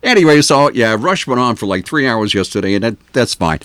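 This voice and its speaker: Older male AM radio host, opinionated and chatty with lots of fillers, animated delivery, close dry studio mic. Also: mid-range voice, brisk, no echo. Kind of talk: casual talk radio commentary.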